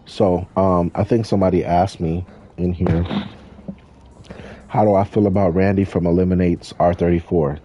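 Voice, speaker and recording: A man's voice: deep voice, fairly even intonation, normal speed, lo-fi sound. A young man rambling through a casual, profane Q&A with viewers while playing a driving game. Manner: rambling, profane, loose slang. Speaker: YouTuber answering viewer questions.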